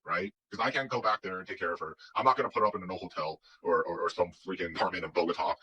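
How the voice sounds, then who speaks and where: A man's voice: low-pitched, racing, sharp tone, slightly rough, rough recording. A man telling a personal story in a casual, rambling way, full of restarts and quoted dialogue. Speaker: guest telling his story.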